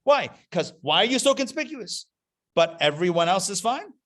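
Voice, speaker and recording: The voice is high and very animated, moving at a normal speed. It belongs to a male rabbi passionately teaching a live classroom audience, stressing key phrases over and over with emphasis.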